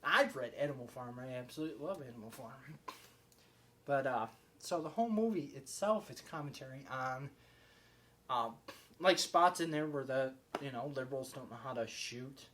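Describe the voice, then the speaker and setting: A man giving a casual, rambling spoken movie review, excitable and full of fillers and restarts. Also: mid-range voice, normal speed.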